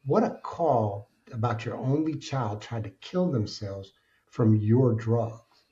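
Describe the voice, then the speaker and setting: A middle-aged man who is a podcast guest, telling his personal story in an earnest, colloquial and animated way. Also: medium pitch, slow. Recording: dull lo-fi sound.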